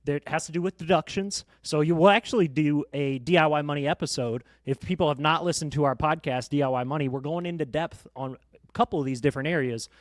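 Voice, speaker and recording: A financial planner on a podcast walks through tax rules step by step, confident and explanatory, using round numbers to keep things simple. He is a man with a slightly high voice. The recording is dry and close-miked in a studio. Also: quick pace, dry recording.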